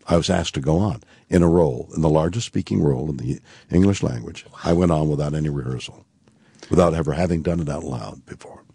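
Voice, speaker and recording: Deep, husky older man telling anecdotes. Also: warm tone, no echo. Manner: halting, anecdotal, with many fillers and restarts. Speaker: guest. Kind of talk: radio talk show storytelling.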